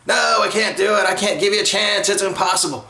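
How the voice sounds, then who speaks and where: A man's voice: high voice, brisk, vocal fry, voice pushed up, exaggerated voice. Man mimicking a scornful, stubborn official. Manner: mocking, flat refusals. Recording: roomy echo.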